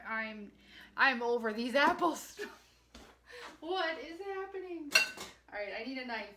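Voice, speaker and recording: A woman's voice: a little high, expressive, unhurried, long pauses, noisy background. Chatty woman cooking in her kitchen. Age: 40s. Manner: chatty, self-mocking, talks to viewers while working. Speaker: home cooking vlogger. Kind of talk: casual kitchen vlog. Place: home kitchen.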